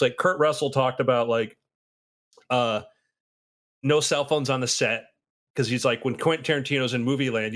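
Rambling animated man chatting. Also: medium pitch. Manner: rambling, animated, does quick impressions. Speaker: writer. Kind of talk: casual podcast chat.

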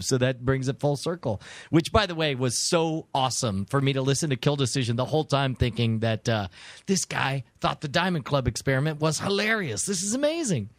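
A man hosting a podcast, chatting casually and teasing his co-hosts. His voice sits a bit high and moves a lot. The recording is dry and close. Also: no echo. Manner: teasing, joking. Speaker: podcast host. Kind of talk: casual chat.

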